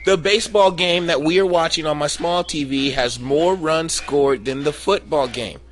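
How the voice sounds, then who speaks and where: A man's voice: a little high, normal speed. A man in casual sports chat, talking in an easygoing way with loose slang.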